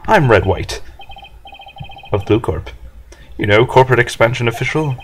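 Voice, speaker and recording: A man's voice: mid-range voice, expressive, normal speed, a little hiss or hum, natural voice. A man voicing a pompous, arrogant male corporate tycoon who uses grandiose, made-up big words.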